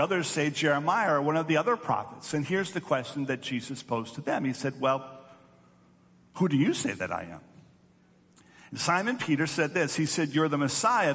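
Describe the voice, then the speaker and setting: A man's voice: fairly high pitch, fairly bright tone. A male pastor giving an earnest teaching sermon, often repeating words as he restarts. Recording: long hall reverb.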